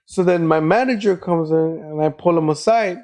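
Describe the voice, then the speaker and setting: Guy hosting a podcast, kinda high voice, rambly and swears a lot. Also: moderate pace, a little mellow. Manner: rambling, profane, loose anecdotal delivery. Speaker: podcast host. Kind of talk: casual storytelling chat.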